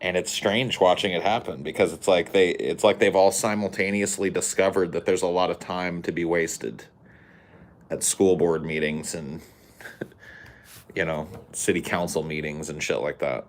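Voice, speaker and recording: Ranting, profane lower-voiced man. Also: steady tone, moderate pace, slight background noise. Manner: angry, sarcastic, swears constantly, grows louder and more heated. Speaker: podcast co-host. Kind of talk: profane podcast rant.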